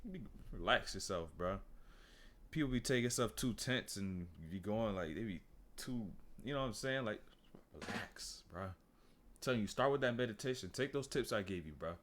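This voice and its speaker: A fairly low-pitched man with talks loosely over a clip on his stream. His delivery is relaxed and rambling, and he often stops to talk to his chat. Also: a little fast, a little hiss or hum. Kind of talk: casual stream commentary.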